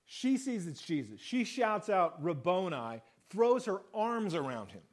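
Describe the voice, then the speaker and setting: A man's voice: high voice, sing-song, unhurried. A man preaching a sermon in a conversational way, acting out the quoted lines of the story. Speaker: pastor.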